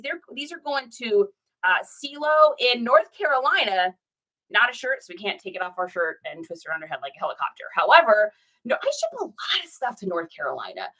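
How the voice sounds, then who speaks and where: Chatty bright-voiced woman reseller. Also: medium pitch, poor audio. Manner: chatty, rambling, filler-heavy; laughs easily. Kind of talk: casual vlog while packing orders.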